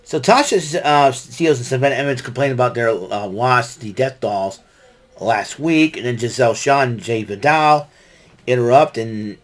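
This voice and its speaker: A man's voice: mid-range voice, normal speed. Rambling man recapping wrestling. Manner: rambling, many fillers and restarts. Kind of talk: casual solo recap.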